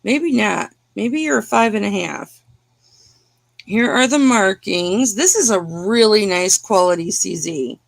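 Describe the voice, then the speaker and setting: A woman hosts a casual live jewelry auction stream, chatting and teasing her viewers as she shows pieces. She speaks slowly with a gravelly edge. The sound is dry and close. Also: medium pitch, animated, no room sound.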